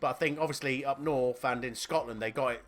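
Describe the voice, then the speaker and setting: A man's voice: medium pitch, fairly quick, crowd noise. A man with a Northern Irish accent co-hosting a podcast, swearing and laughing through casual banter. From Northern Ireland. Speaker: podcast co-host.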